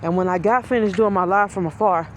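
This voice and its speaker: A woman with a deep, low voice preaching an earnest message of encouragement to camera, repeating phrases for emphasis. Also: fast talker, slight background noise. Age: adult with school-age children. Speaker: self-styled prophetess posting online videos.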